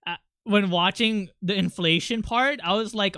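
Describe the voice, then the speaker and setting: A male streamer chatting casually, rambling along with many fillers and quick restarts. His voice is bright and smooth, recorded on a close desk mic in a dry, dead room. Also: high-pitched, dry recording. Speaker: livestreamer.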